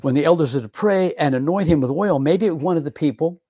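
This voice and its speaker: A man's voice: fairly high pitch, a little fast, warm tone, no room sound, clean studio sound. A middle-aged man, a pastor, teaching a Bible lesson in a conversational way, often repeating and restarting words. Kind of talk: sermon-style Bible teaching.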